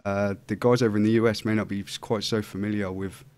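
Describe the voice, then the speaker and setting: A man's voice: lowish voice, level tone, fast talker, darkish tone. A man hosting an online interview, introducing his guest in a casual, upbeat way. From England. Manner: upbeat, friendly. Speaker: host.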